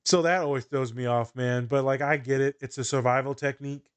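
A man's voice: medium pitch, steady tone, brisk, clean tone. A man co-hosting a casual podcast, chatting loosely with laughter and plenty of swearing. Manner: laughing, profane, joking banter. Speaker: co-host, therapist.

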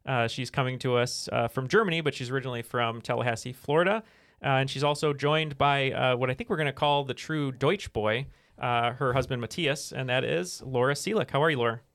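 A man's voice: medium pitch, a little fast, a bit bright. A man hosting a casual comedy podcast in a studio, joking around and steering the chat. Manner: joking, runs the conversation. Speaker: podcast host.

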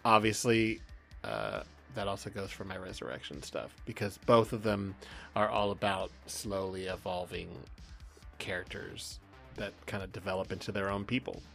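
Gravelly-voiced male podcast co-host. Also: sits low, moderate pace, fairly bright tone, soft background music. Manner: rambling, self-deprecating, many fillers. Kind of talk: casual chat.

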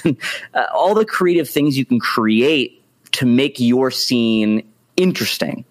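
A man from the United States, an interview guest, talking in an expressive, animated way. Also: normal speed. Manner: animated and expressive, swoops pitch for emphasis.

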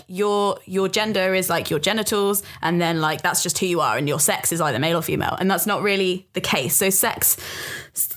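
A woman's voice: fairly low pitch, a bit bright. A young adult woman, a podcast guest, chatting casually and laughing often, with lots of fillers. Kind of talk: casual chat.

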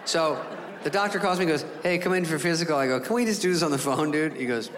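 A man doing stand-up comedy, animated, jumping into other voices and sound effects. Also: medium pitch, fast, background noise. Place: comedy stage before an audience. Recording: live in a hall with crowd laughter.

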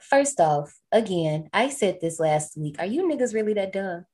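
A woman's voice: medium pitch, lively intonation, moderate pace, warm tone, slight background noise. A woman co-hosting a podcast, recapping a horror film in a casual, slangy way and laughing often. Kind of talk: casual chat.

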